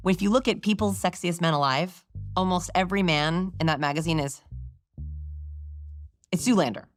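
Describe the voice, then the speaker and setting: A woman guest who researches body language, explaining her findings in a conversational interview in a lively, confident teaching manner with demonstrations. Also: lowish voice, moderate pace, faint music behind.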